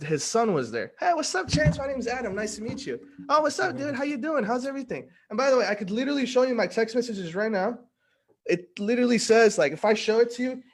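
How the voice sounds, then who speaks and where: A young man telling a story in casual conversation, slangy and animated, acting out what people said. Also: a little high. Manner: slangy, animated, acts out quoted dialogue. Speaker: guest giving a testimonial.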